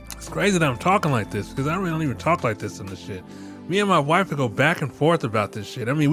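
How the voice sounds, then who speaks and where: A man's voice: mid-range voice, a bit bright. A middle-aged man hosting a podcast, joking and ranting with profanity, often breaking into laughter. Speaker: podcast host. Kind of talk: casual podcast commentary.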